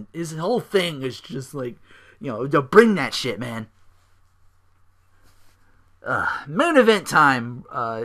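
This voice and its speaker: A man hosts a casual solo podcast and recaps events in a loose, rambling way. He leans on fillers and swears freely. His voice has a bright, forward edge. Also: mid-range voice. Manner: rambling, profane, lots of fillers. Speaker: podcast host.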